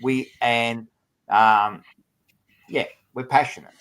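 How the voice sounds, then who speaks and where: Male host, mid-pitched, ribbing co-panellists, energetic footy chat. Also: slow, clean tone. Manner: teasing, excitable, rising pitch when ribbing others. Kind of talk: lively sports panel banter.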